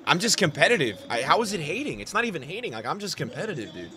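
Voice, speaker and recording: A young man commentating his own football video game on a stream, with a sore throat, grumbling low and then bursting out loud and swearing. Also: fast talker, crowd noise. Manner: swings from flat grumbling to loud outbursts, swears a lot. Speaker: gaming streamer. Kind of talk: live gameplay commentary.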